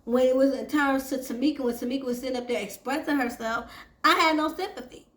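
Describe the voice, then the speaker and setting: A high-pitched woman hosts a casual recap of a reality TV episode and talks to her viewers as "y'all". Her voice rings out in an echoey room. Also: fast, fairly bright tone. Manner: chatty, addresses viewers as y'all. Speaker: TV recap host.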